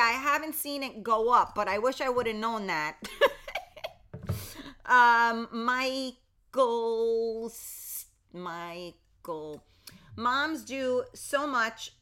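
A middle-aged woman hosting a morning livestream, chatting casually and reading out viewer comments. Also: a little high. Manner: chatty, warm greetings to viewers, reads comments aloud. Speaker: livestream host.

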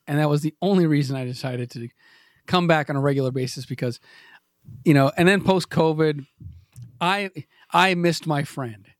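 A man's voice: a little high, normal speed, no room sound, studio quality. Rambling self-mocking man in his forties. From New England. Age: 40s. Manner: self-mocking, rambling, trails off in stammered restarts. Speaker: podcast host. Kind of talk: rambling comedic podcast chat.

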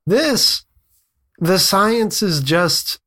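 A man's voice: sits high, animated, very slow, bright, forceful tone. A man co-hosting a film podcast, dry and sarcastic, mocking the movie. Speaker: podcast co-host. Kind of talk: casual chat.

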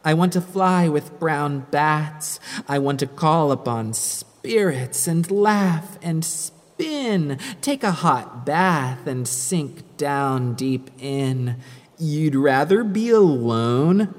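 Woman storyteller, very slow and sing-song, heard with a long hall-like reverb. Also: extremely low pitch. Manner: dramatic, sing-song rhyming delivery. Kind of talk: rhyming spooky story reading.

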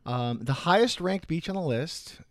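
A man's voice: on the high side, expressive, normal speed, no echo, studio quality. A man co-hosting a podcast in casual chat, thinking aloud with fillers. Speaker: podcast co-host.

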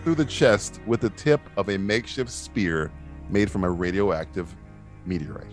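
A man's voice: low voice, animated, moderate pace, faint music behind. A man hosting a casual movie quiz podcast, reading out clues, swearing and laughing often. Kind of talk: casual chat.

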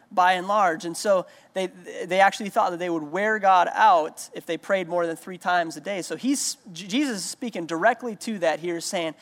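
High-voiced pastor in a reverberant hall. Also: male voice. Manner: conversational storytelling, frequent restarts. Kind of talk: sermon. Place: church sanctuary. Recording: long reverb of a large hall.

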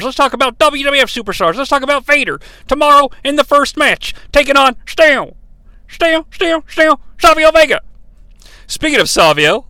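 A man's voice: very high-pitched, bright, forceful tone, no room sound. A man hosting a podcast, recapping an old broadcast in a casual way with wry, chuckling asides to his listeners. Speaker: podcast host.

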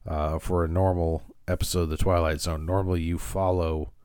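A man's voice: low-pitched, level tone, normal speed, a little mellow, clean tone, no room sound, clean studio sound. A man hosting a podcast, casually recapping an episode with frequent fillers and restarts. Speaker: podcast host.

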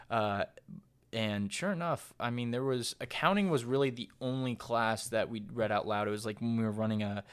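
A young man in his twenties hosting his own podcast, talking in a casual, earnest monologue that rambles and restarts. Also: mid-range voice. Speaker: podcast host.

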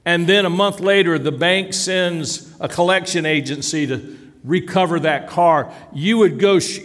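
A man's voice: high-pitched, unhurried, fairly bright tone, long reverb tail. A man preaching a sermon as pastor, earnest and rising to emphatic declarations.

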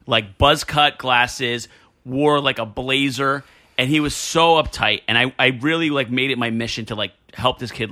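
A man telling animated stories from his school days in casual chat, with many fillers and restarts. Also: mid-range voice. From New Jersey.

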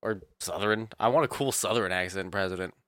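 A man's voice: low-pitched, brisk. A man co-hosting a casual podcast, talking loosely with lots of fillers and laughs. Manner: relaxed, laughing, filler-heavy. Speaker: podcast co-host.

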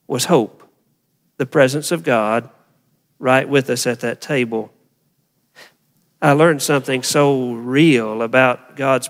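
A man's voice: mid-range voice, a bit bright, big-room sound. A man preaching a sermon as a pastor, talking to the congregation in an easy, conversational way and often asking them questions.

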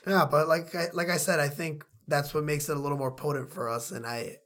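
Excitable dude from queens talking podcast style, new york accent, rambles a lot. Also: on the high side, fairly quick. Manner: excitable, rambling, repeats words. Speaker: podcast co-host, filmmaker. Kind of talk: casual chat.

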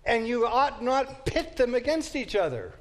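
A man teaching a Bible class in an animated way, quizzing his students with quick questions. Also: extremely high pitch.

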